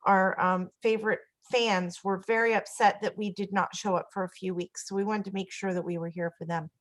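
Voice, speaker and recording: A woman co-hosting a casual web talk show, animated and gossipy, laughing often. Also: mid-range voice, brisk, low-quality recording. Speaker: co-host.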